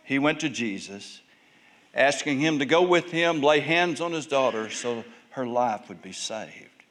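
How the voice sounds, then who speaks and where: A male pastor preaching a sermon, telling Bible stories and acting out the people in them with big swings in pitch and volume. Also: animated, measured pace, fairly bright tone.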